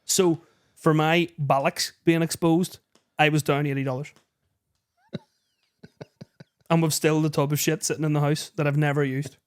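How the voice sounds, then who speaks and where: A man co-hosting a casual podcast, spinning a comic story with a slightly high-pitched voice. He swears freely, laughs through his own punchlines and slips into the voices of the people in his tale. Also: normal speed, long pauses, clear, resonant tone. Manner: animated anecdote-telling, heavy swearing, laughs mid-story, acts out others' lines. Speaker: podcast co-host.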